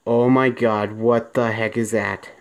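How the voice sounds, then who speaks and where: A man's voice: medium pitch, level tone, unhurried, clean tone. A man giving let's-play commentary, jumpy and panicky, repeating himself and talking straight to his viewers. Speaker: gaming video creator.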